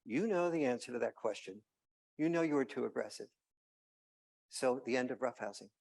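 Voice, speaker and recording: A man's voice: mid-range voice, expressive, moderate pace, gravelly, a little mellow. A man giving a conference keynote, telling anecdotes with hesitant fillers and restarts. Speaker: keynote speaker.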